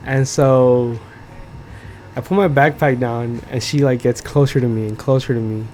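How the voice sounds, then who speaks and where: A man's voice: medium pitch, steady tone, normal speed, darkish tone, slight background noise. A young man hosting a podcast, telling a story in casual chat. He swears a lot, fills his talk with "like" and keeps asking "you feel me". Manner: profane, filler-heavy, keeps checking in with "you feel me". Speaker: podcast host.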